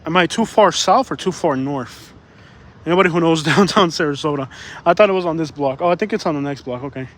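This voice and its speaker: A man's voice: on the high side, quick pace, a bit bright. A man live-streaming while walking city streets, a little out of breath, rambling and repeating himself as he reads chat aloud.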